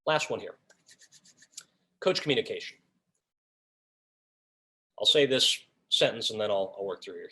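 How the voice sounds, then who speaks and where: A man's voice: fairly low pitch, unhurried, long pauses. A man leading an officials' training session on a video call, talking casually and acting out what officials and coaches say. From raised by Long Islanders. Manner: animated, acts out lines of officials and coaches. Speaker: officiating instructor.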